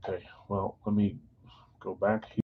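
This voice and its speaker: A man hosting a live sports card break stream, chatting casually with viewers and reading out team assignments in a relaxed way. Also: lowish voice, moderate pace, phone-quality sound, slight background noise. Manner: relaxed, chatty, talks straight to viewers by name.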